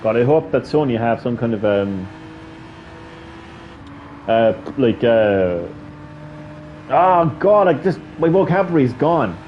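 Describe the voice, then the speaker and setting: A man's voice: medium pitch, lively intonation, a little slow, pauses often, lo-fi sound, slight background noise. Tired Irish man rambling casually. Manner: rambling, swears freely, mocking quoted voices. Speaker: gaming channel host.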